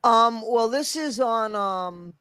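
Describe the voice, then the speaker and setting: A man hosting a casual livestream chat, stuffy and congested, talking haltingly with many restarts. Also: very high-pitched, expressive, pushed and bright, smooth, no echo. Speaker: livestream host.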